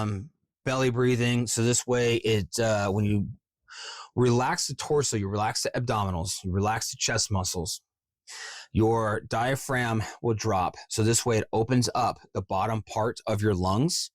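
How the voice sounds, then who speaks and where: A man's voice: fairly low pitch, steady tone, measured pace, no room sound. A man in his forties, a voice actor in a casual vlog, explaining script reading in a rambling, profane, self-mocking way. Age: 40s.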